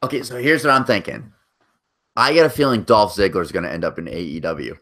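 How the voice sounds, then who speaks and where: A man's voice: on the low side, a little fast, a bit bright. A man co-hosting a podcast in casual, profane chat, passing along news and rumors. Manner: profane, rumor-sharing banter. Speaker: podcast co-host.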